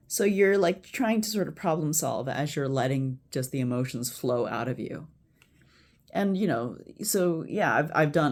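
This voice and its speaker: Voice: mid-range voice, normal speed. Casual at-home explainer, rambling and blunt, chant-like repetition and frequent restarts. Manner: blunt, occasional swearing. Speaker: healthcare worker teaching a friend. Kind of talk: casual spoken instruction. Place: at home before bed.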